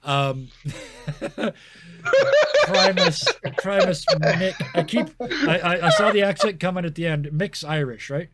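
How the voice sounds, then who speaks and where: A man's voice: sits high, lively intonation, slow pace, long pauses, a loud crowd. A man hosting a stream as game master, narrating a scene and then thanking players and chat in a chatty, self-deprecating way.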